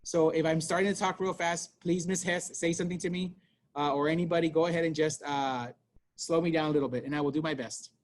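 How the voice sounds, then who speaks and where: A man presenting a parent workshop over a video call, speaking quickly and conversationally with many fillers and tag questions. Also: a little high, fairly even intonation, slight background noise. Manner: talks fast, conversational, many fillers and "right?".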